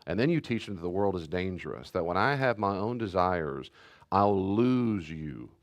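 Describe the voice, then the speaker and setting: Low-voiced pastor teaching in plain talk. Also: male voice, animated, normal speed. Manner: conversational, repeats key points, restarts sentences.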